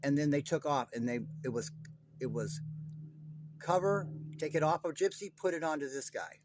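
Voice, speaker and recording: A man's voice: on the high side, moderate pace, noisy background. A man delivering a heated true-crime monologue straight to his viewers, agitated, profane and rambling. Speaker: online commentator.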